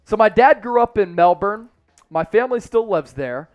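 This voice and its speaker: Young male stream host, high-pitched, energetic chat reader. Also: moderate pace, muffled recording, soft background music. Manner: energetic, reads chat aloud. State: exerting, counting push-ups. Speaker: host of a live sports stream. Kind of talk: casual live-stream chat.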